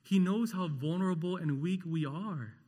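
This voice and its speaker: A man preaching a sermon with impassioned delivery, rising to loud rhetorical questions and dropping to a hushed, tender tone. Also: sits high, moderate pace, in a large hall. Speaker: pastor.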